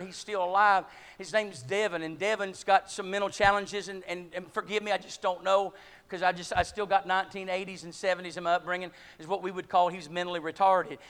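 High-voiced folksy preacher man. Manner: folksy, rising to loud shouted climaxes. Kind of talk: sermon.

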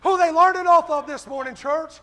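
A male preacher delivers a fiery sermon in a very high voice. He opens nearly every line with "hey" and moves in a rolling preaching cadence. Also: moderate pace, pushed and bright.

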